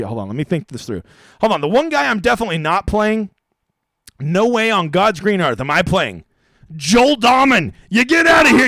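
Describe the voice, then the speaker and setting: A man's voice: fairly high pitch, fairly bright tone, dry recording. A man hosting a live stream of fantasy golf picks, talking in a brash, profane, joking way. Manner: brash, profane, jokey trash talk.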